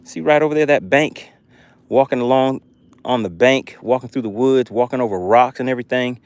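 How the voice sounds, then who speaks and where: A man's voice: mid-range voice, a little fast, darkish tone, smooth. A man hosting a fishing live stream from a boat outdoors, chatting and thanking his viewers.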